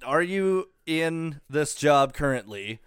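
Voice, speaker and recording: Comedian podcast co-host, male, animated intonation, dry close recording, playful needling. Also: on the high side, slow pace, smooth, no echo. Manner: teasing, playful banter. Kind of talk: casual chat.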